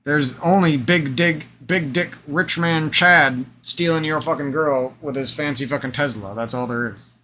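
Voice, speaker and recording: A man in a rambling, profane vlog monologue, with repeated phrases and a slightly hoarse voice. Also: a little high, a little slow, few pauses, pushed and bright, a little hiss or hum. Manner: profane, emphatic, repetitive, rambling. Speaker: vlogger. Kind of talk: unscripted ranting vlog monologue.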